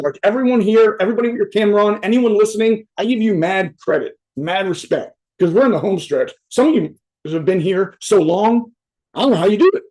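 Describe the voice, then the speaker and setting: A man's voice: high-pitched, warm tone. A man giving a casual, profane motivational talk to a virtual summit over a video call. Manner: blunt, profane, conversational. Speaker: motivational speaker.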